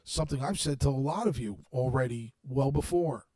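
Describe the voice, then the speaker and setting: A man in his forties speaking in an unscripted monologue to his audience, blunt and heavily profane, moving between quiet reflection and shouted anger. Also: medium pitch, a little fast, no room sound, studio quality. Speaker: streamer addressing his audience.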